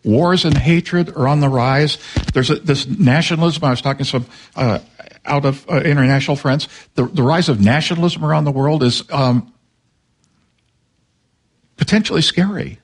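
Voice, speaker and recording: An older male pastor preaching a sermon in a conversational way, with quick asides and acted-out dialogue. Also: on the high side.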